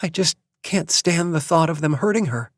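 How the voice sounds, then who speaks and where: A man's voice: mid-range voice, big pitch swings, moderate pace, a little mellow, breathy edge, dry recording, pitched above the performer's own voice. A man voicing a distraught mother who speaks in a raised, strained way.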